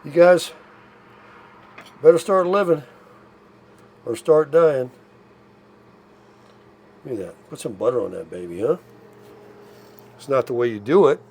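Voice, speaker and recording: A man's voice: medium pitch, animated, a little slow, long pauses, darkish tone, breathy edge. An older man chatting casually while cooking at his RV, folksy and a little out of breath. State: tired, short of breath. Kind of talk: casual vlog chat to camera. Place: RV park, indoors and out.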